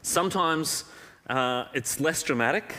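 A man's voice: a little high, unhurried. A man preaching a sermon in a conversational storytelling manner, with a personal anecdote and a prayer. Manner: conversational storytelling, animated when excited. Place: church. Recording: church hall reverb.

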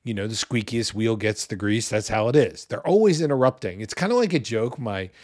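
Animated conversational preacher man. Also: lowish voice, a little fast, no room sound, clean studio sound. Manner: conversational and animated, acts out quotes with loud bursts. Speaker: pastor. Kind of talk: sermon.

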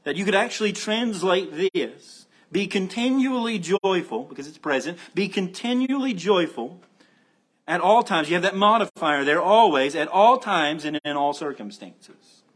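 A man's voice: high-pitched, animated, moderate pace, fairly bright tone. Emphatic man preaching a sermon. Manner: emphatic, repeats commands for stress, conversational asides to the congregation. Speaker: pastor.

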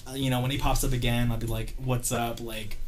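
A man's voice: medium pitch, a little hiss or hum. A young man in casual chat, telling stories with lots of "like" and jumping his voice up for quoted lines. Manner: animated storyteller, many "like"s, voice jumps up for quoted lines.

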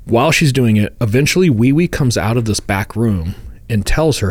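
A man's voice: medium pitch, animated, moderate pace, no echo. A man co-hosting a true crime podcast, telling the case in a casual, storytelling way and chuckling often. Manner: storytelling, acts out quotes in funny voices. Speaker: podcast co-host.

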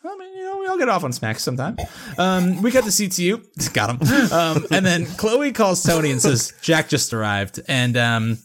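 A man's voice: high voice, wildly swooping pitch, normal speed, fairly bright tone. A man hosting a podcast, chatting casually through an episode recap with lots of fillers. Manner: chatty, filler-heavy storytelling.

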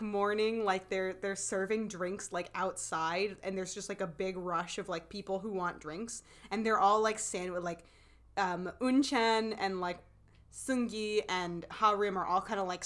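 A woman's voice: medium pitch, fairly bright tone. A woman co-hosting a casual podcast, enthusiastically recapping a TV drama and chatting with her partner. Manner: enthusiastic, chatty, quick to laugh. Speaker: podcast co-host.

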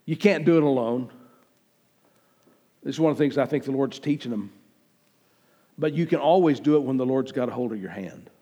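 A man's voice: mid-range voice, fairly quick, long pauses, dark tone, slightly rough, in a large hall, muffled recording. A man pastor preaching a sermon emphatically, swelling and dropping his volume and acting out the lines he quotes.

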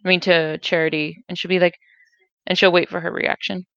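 A woman's voice: lowish voice, level tone, a little fast, creaky, fairly bright tone, clean tone, dry recording, highs cut off. A woman playing a tabletop game, chatting casually and correcting herself. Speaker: player.

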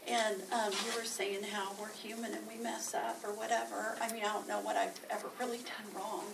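A woman in a class group, sharing a personal story in halting talk. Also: mid-range voice, level tone, creaky. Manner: halting, full of fillers and restarts. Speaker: class participant. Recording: distant mic with background noise.

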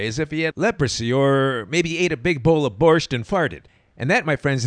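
A man's voice: fairly high pitch, no echo. A man hosting a podcast, telling stories in a wry, sarcastic monologue. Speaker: podcast host.

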